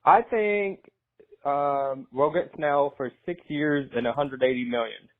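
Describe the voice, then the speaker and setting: A man calls in to a fan show. He speaks in a friendly, hesitant way and fills his pauses with um. His voice comes through a thin, phone-like line. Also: a little high. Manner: hesitant, friendly, many ums. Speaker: caller.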